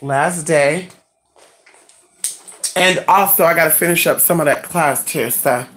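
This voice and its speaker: A sassy, chatty woman with a lowish voice talks casually to her viewers. She is exclamatory and swears freely. A faint hiss sits behind her. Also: a little slow. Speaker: vlogger. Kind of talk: casual live chat to viewers.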